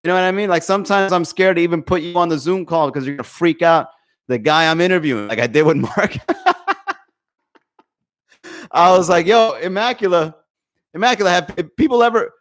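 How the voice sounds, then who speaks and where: A man with a high-leaning, fairly bright voice speaks at normal speed with lively intonation and frequent pauses. Hosting a comedy podcast, he rambles through a casual chat with his stream, swearing freely and laughing often.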